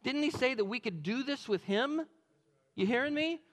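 A man playing an excited male spy who pleads with others to trust God, asking rapid questions. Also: very high-pitched, long reverb tail, pitched above the performer's own voice. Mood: urgent.

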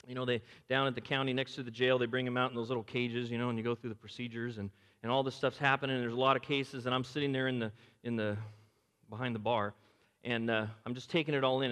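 A middle-aged pastor preaching a sermon in a conversational, animated way, swinging between emphatic highs and quiet, hushed lows. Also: male voice. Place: church sanctuary. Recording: long reverb of a large hall.

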